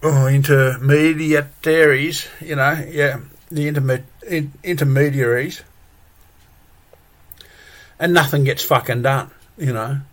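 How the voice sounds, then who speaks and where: A man's voice: mid-range voice, unhurried, pauses often, a bit bright. A man ranting angrily and profanely, full of exasperated repetitions. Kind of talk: angry solo rant.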